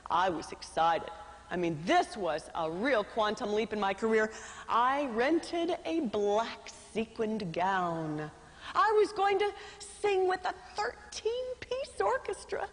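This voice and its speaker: Animated high-voiced woman telling a story on stage. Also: slow pace. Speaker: motivational speaker. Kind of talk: storytelling speech to a live audience. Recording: reverberant hall.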